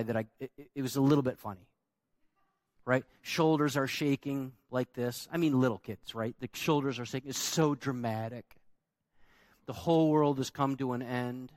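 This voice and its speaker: A man's voice: mid-range voice, dry recording. A man preaching a sermon as pastor, emphatic and conversational, asking the congregation rhetorical questions.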